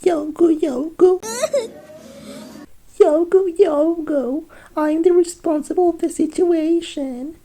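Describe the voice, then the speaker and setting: A woman voicing a squeaky, panicky cartoon character with high, fretful exclamations. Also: slow, dark tone, a little hiss or hum, heavily acted.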